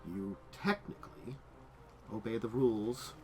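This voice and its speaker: A man's voice: lowish voice, soft background music, pitched below the performer's own voice, lightly acted. A man doing a stern lawful otherworldly official. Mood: solemn. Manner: measured, formal, speaks of order and law.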